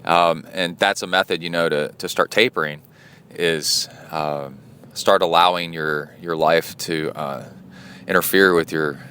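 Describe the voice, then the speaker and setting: His voice sits low and his pace is a little slow, with slight noise in the background. The middle-aged triathlon coach and podcast host keeps a casual spoken diary, rambling with plenty of fillers and restarts, then livening up as he recounts stories.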